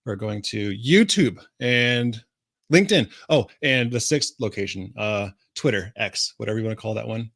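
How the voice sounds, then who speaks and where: Co-host, lower male voice, upbeat, dry close sound. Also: expressive, normal speed, creaky, a bit bright, dry recording. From California. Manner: upbeat, talks to the chat audience. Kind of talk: casual livestream chat.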